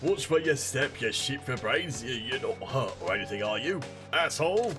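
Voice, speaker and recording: A man's voice: mid-range voice, animated, normal speed, music in the background, pitched above the performer's own voice, close to an everyday voice. A man doing a rude swaggering young punk. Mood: brash. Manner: shouty insults, mock-French accent attempt.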